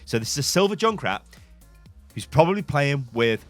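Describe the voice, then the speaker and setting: A man, hosting and commenting on gameplay as a coach, in an animated, theatrical way. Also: on the high side, soft background music. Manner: animated, theatrical, quick to exclaim. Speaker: game coach and channel host.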